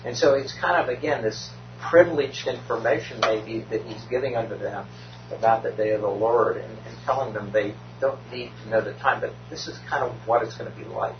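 A man's voice: fairly low pitch, fairly even intonation, fairly quick, roomy sound, dull audio, background noise. A man in a Bible study group, thoughtfully building on what others have said. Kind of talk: group discussion.

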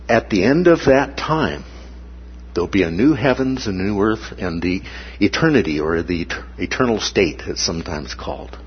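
A man's voice: mid-range voice, husky, highs cut off. A man preaching a sermon in a conversational way, often checking in with the congregation by asking "okay?" and "right?". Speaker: pastor.

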